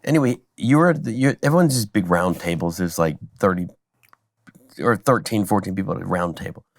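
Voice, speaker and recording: Gravelly-voiced comedian spinning a yarn. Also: male voice, low-pitched, animated, fairly quick. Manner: rambling, profane storyteller. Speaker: guest comedian. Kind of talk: casual chat, rambling anecdote.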